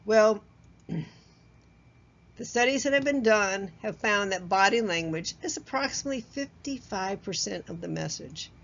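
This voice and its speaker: A woman's voice: medium pitch, gravelly, breathy edge. Woman trainer, chatty lecture. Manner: conversational, asks the listener questions; chuckles at herself, loose fillers and restarts. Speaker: workplace communication trainer. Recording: slightly dull lo-fi audio.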